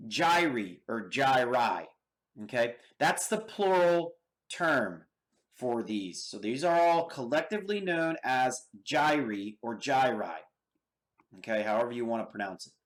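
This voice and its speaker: A man's voice: mid-range voice, very animated. An American man teaching an anatomy lab, explaining step by step and checking in with his students often. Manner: slow and deliberate, checks in with okay and all right. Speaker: anatomy instructor. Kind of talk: lab demonstration lecture.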